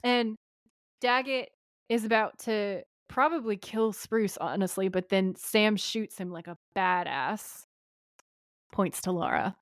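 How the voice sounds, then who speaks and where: A woman's voice: mid-range voice, takes it slowly, dry recording. Woman recapping a show, dry close sound. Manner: animated retelling, acting out quoted lines. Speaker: podcast co-host. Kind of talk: casual recap chat.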